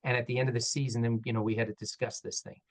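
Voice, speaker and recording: On poor audio, a man with a medium-pitched voice talks very fast as he tells stories on a panel. He's an orthopedic surgeon, candid and self-deprecating, and he animatedly acts out the dialogue in quotes.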